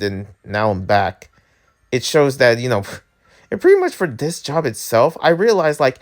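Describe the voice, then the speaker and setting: A man hosting his own vlog, talking alone in a casual ranting monologue that swings between heated outbursts and low mutters. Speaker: vlog host.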